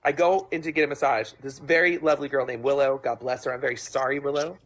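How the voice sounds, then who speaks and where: Animated, self-mocking woman telling a story. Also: extremely low pitch, fast. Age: young adult. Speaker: author, guest. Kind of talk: casual chat, storytelling.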